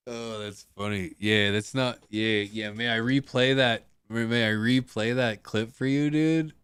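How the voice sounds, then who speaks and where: A man's voice: mid-range voice, steady tone, a little slow, fairly bright tone, clear, resonant tone, dry recording. A man hosting a casual livestream, laughing and muttering to himself as he sorts out his monitors. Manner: laughing, muttering to himself while fixing tech. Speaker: livestream host.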